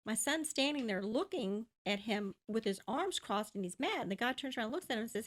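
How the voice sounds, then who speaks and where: A woman co-hosts a casual podcast chat in a higher register. She tells her stories in an animated way and acts out the voices of the people she quotes. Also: quick pace. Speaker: podcast co-host.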